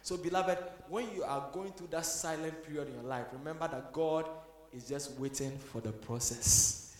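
High-voiced preacher, echoey room. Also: male voice, moderate pace. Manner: swings from hushed to shouting for emphasis. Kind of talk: sermon.

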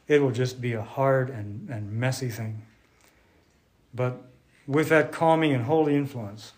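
Male preacher, mid-pitched, relaxed sermon delivery with restarts, explaining from a board. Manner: unhurried, thinking aloud with restarts, drawing on a board.

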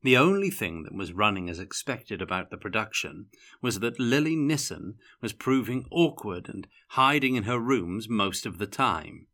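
Male audiobook narrator, measured delivery, forceful and bright tone. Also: on the low side. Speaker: audiobook reader. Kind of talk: scripted narration.

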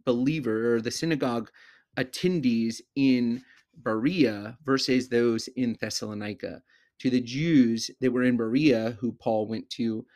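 A man hosting a podcast, giving an expository Bible teaching in a measured, deliberate way and slowing down to stress key words. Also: medium pitch.

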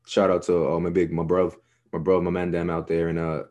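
A loud, cheeky young London lad in a mock-British accent, as a man puts him on, rattling off slangy shout-outs in a raised, pitched-up voice. The sound is dry and close, with no room around it. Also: level tone, brisk, highs cut off, lightly acted.

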